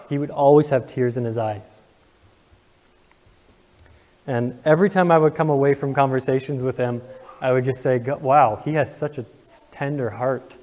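In a large church sanctuary, a young man preaches to his congregation with earnest emotion, posing questions to the room. His voice is medium in pitch with a darkish tone.

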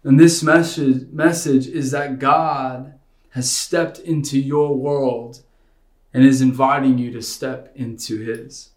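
A man's voice: mid-range voice, steady tone, slow, a little mellow. A man in his thirties giving a casual, earnest online sermon from his home studio. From United States. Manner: earnest, conversational, personal. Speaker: pastor. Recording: roomy bedroom home studio.

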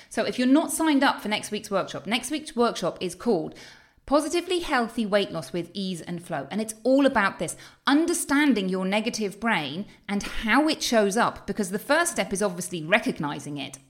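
Middle-aged woman, health coach, lively and exclamatory delivery, medium pitch. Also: normal speed. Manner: expressive, animated, exclaims often. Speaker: health and weight-loss coach. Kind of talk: motivational talk to camera.

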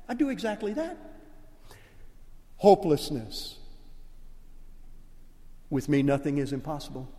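An older man with a Cajun accent, a pastor preaching a sermon with impassioned swings from hushed to loud. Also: mid-range voice, big-room sound. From Louisiana, USA.

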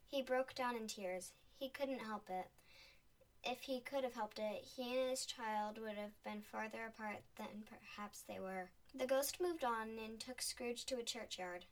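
A woman reads a storybook aloud, clear and expressive. Her voice sits fairly high. It sounds a little distant from the microphone. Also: measured pace. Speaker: narrator. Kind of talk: storybook narration. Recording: voice a bit distant from the mic.

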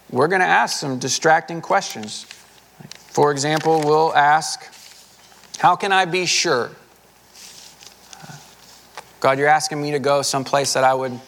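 A man's voice: medium pitch, a bit bright. A man, a pastor, giving a conversational sermon with a folksy, casual manner and frequent filler words.

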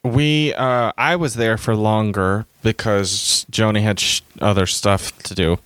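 A man's voice: fairly low pitch, steady tone, unhurried, fairly bright tone, clear, resonant tone, dry recording. A man telling rambling, self-mocking travel stories in a casual chat, acting out the people he quotes.

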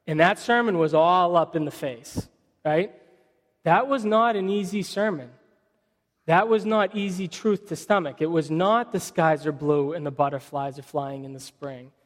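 A man's voice: on the high side, normal speed, long reverb tail. A man preaching a sermon as a pastor, talking casually and reading scripture dramatically.

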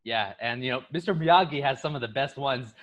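A man co-hosting a casual film chat, telling the story with lively energy. He slips into little voices as he goes, acting out each scene, but his own speaking voice sits in an ordinary middle register. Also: mid-range voice, fairly quick. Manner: animated storyteller who acts out scenes.

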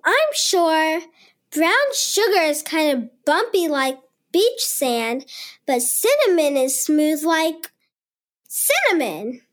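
A woman's voice: high voice, sing-song, takes it slowly, heavily acted. A woman voicing an eager, cheerful, curious little girl in a children's cartoon. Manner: eager and bubbly.

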